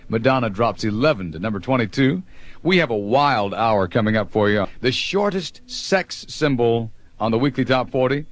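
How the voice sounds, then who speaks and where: A man hosting a radio countdown and calling a prize winner, showy and playful with dramatic pauses. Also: mid-range voice, expressive. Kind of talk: radio show with a prize call.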